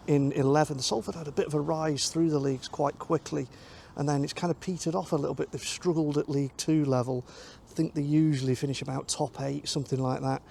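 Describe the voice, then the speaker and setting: A man's voice: fairly high pitch, gravelly, slight background noise. Chatty man vlogging on the move. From North West England. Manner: chatty, thinking aloud with ums. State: a bit out of breath while walking. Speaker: football vlogger. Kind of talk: casual vlog chat. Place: outdoors, walking to a station.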